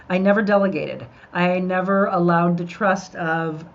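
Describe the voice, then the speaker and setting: This middle-aged woman hosts a live podcast, chatting upbeat and addressing listeners head-on in a gravelly, lowish voice. Her intonation is fairly even, her speed normal, and she rarely pauses; the recording sounds dull and lo-fi.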